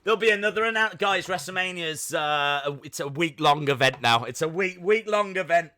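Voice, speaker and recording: A man's voice: a little high, lively intonation, brisk, sharp tone. A man hosting a live wrestling reaction stream, chatty and jokey, often laughing and slipping into mock voices. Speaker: livestream host.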